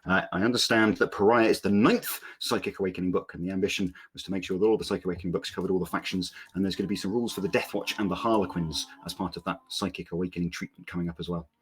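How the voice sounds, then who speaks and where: A man's voice: deep voice, steady tone, very fast, hardly any pauses. A man hosting a live preview stream, asking fluent, well-phrased questions that lead into each topic. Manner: smooth, scripted-sounding questions. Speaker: stream host.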